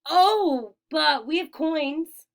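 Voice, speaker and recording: A woman voicing a young boy hero who speaks in a low-key, slightly hesitant way. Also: lively intonation, very slow, heavily acted. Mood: wary.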